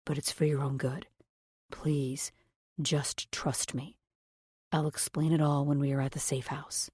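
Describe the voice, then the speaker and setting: A woman voicing a commanding, protective male mafia figure who gives low, clipped, urgent orders in an audiobook. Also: steady tone, normal speed, darkish tone, no echo, studio quality. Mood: hushed pleading.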